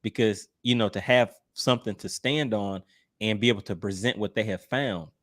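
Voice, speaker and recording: A man's voice: on the low side, moderate pace. A man hosting a livestream, reading viewer comments aloud in an easygoing, teasing way and laughing often. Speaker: livestream host.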